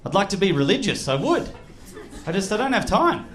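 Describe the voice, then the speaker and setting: An Australian man performing a stand-up comedy set on a club stage, animated and slipping into loud put-on voices. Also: high voice, a little fast. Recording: live club recording with crowd noise. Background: audience laughter.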